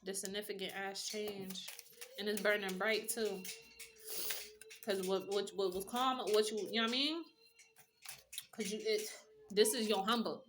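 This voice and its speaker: A woman's voice: mid-range voice, fairly even intonation, a little slow, pauses often, over music. A woman giving a casual tarot reading with a blunt, profane pep-talk manner. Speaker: tarot reader.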